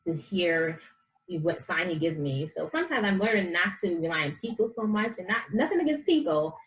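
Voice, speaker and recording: A woman with a fairly low voice speaks as a guest in a casual interview. She is a life coach, earnest and animated, and she acts out the voices of people in her stories. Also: a little fast, low-quality recording.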